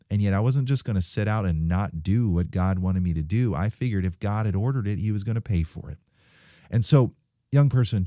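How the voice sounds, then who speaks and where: A man preaching to young people, urging them with stories and sudden quiet drops, recorded close and dry. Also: deep voice, dry recording.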